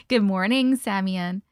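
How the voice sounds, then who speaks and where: A woman's voice: mid-range voice, a little mellow, dry recording, clean studio sound. A young woman hosting a casual livestream, greeting viewers by name and chatting, short on sleep. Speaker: livestream host. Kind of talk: casual live-stream chat.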